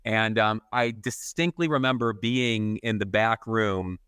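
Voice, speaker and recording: A man's voice: lowish voice, unhurried, fairly bright tone, smooth, no echo. A man co-hosting a podcast, telling a self-mocking story in casual chat and swearing constantly. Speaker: podcast co-host.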